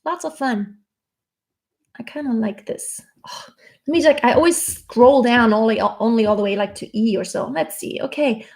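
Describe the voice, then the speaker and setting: A woman's voice: a little high, normal speed, gravelly. Chatty woman teaching singing. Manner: chatty, demonstrating by singing snippets. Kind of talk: casual vocal lesson with sung examples. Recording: loud music playing behind.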